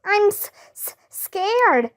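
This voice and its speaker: A woman's voice: extremely high pitch, very animated, takes it slowly, pitched above the performer's own voice, exaggerated voice. A woman doing squealing scared schoolkids. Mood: excited. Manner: squealing, stammering, shouting. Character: excited, scared young schoolchildren.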